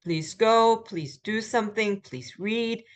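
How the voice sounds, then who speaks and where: Recorded teaching a language class, a middle-aged female instructor speaks at a medium pitch. Her explanations are patient, broken up by many ums and pauses.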